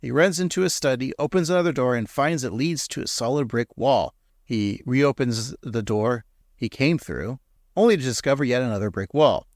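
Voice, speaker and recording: Male podcast host, lively and teasing, dry close sound. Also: mid-range voice, normal speed, no echo. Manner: teasing, animated. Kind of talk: casual episode recap.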